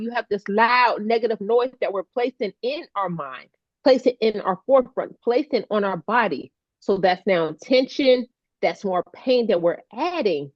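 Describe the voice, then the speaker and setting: A woman co-hosting a heartfelt casual chat, animated and playful, laughing often. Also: medium pitch, moderate pace, no echo, dull audio. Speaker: co-host, stroke survivor advocate.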